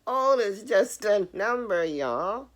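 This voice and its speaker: A woman's voice: mid-range voice, lively intonation, takes it slowly. A middle-aged woman vlogger giving a casual, earnest motivational talk straight to her viewers. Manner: earnest, preachy, addresses the audience directly.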